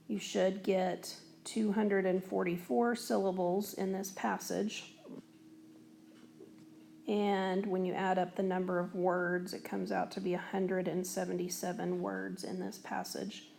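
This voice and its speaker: A woman's voice: mid-range voice, steady tone, unhurried, creaky, dark tone, slight background noise. A woman teacher explaining a lesson on a recorded whiteboard in a patient, step-by-step way, with frequent fillers. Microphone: tablet recording.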